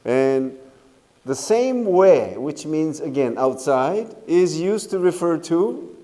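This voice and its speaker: A middle-aged man with a Korean accent giving a university lecture, unhurried and often checking in with "okay?" and "right?". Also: a little high, big pitch swings, mellow. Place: lecture hall. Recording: lecture hall with long reverb.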